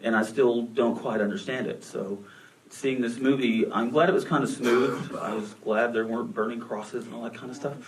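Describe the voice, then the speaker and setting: A man's voice: mid-range voice, fairly even intonation, moderate pace. A man from Texas, speaking as a panelist, telling a frank personal story with self-deprecating jokes. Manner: candid, joking, self-deprecating. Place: movie theater. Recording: distant room mic with faint noise.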